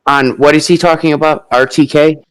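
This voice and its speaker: A man hosting a casual live stock chat, talking in a halting way with many drawn-out fillers. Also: on the high side, fairly even intonation, a bit bright, clean tone, no room sound, poor audio.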